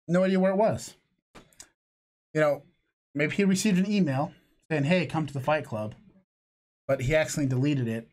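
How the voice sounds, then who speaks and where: Rambling, jokey male podcast host. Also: on the high side. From lived in Florida. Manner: rambling, jokey, laughs often. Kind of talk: casual chat.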